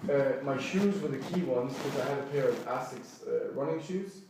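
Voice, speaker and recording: A man's voice: mid-range voice, normal speed, creaky, far from the mic, background noise. A man telling an agitated, rambling first-person account of a bad night, often quoting others and restarting his sentences. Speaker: man recounting a complaint. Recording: echoey room, voice from off-mic.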